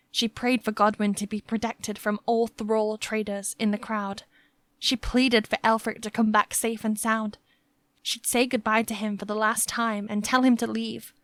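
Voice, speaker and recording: Woman, audiobook narration, mid pitch, steady storytelling, dry close recording. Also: no echo. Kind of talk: scripted narration.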